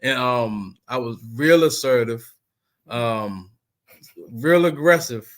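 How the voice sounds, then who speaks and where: A man in the middle of the male range talks as a podcast guest over a video call. His speech is animated and emphatic, and it rambles along with lots of "you know" between the points. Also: mid-range voice, slow. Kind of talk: casual conversation.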